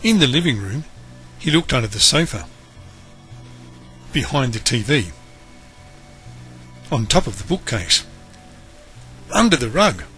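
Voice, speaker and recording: A man reads a children's story aloud, expressive and animated, his voice rising and falling with every turn. The tone is bright and clear, at an ordinary pitch. Soft music plays faintly behind him. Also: measured pace, long pauses. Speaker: storybook reader.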